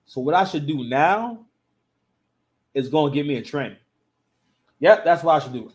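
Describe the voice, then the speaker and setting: A man's voice: a little high, natural voice. A man voicing a smug hypothetical man in a mocking, offhand way.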